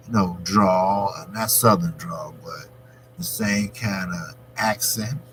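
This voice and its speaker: A man hosting his own boxing channel, talking through a fight in a rambling, conversational way that grows animated when he argues a point. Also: fairly low pitch, a little hiss or hum, rough recording. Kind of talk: casual boxing commentary.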